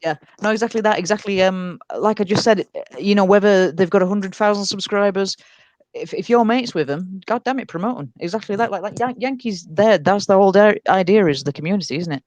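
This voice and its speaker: A woman's voice: medium pitch, a little fast, a little mellow, no room sound, rough recording. A woman hosting a casual live stream, bantering and teasing her guests with lots of giggles. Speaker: stream host.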